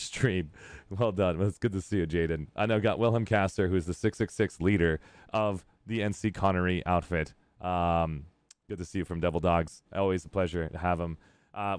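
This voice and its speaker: Deep-voiced man hosting a game stream. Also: clean tone, dry recording. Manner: upbeat, rambling, laughs often. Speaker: streamer host. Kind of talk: casual live-stream chat.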